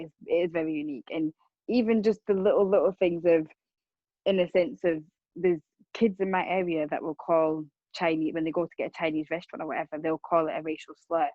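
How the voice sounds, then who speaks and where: A woman's voice: low voice, no echo, lo-fi sound. A young woman, telling of her own experiences in an earnest, casual way, repeating words and circling back as she talks. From Rwanda. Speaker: speaker on racism. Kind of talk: personal account, casual talk.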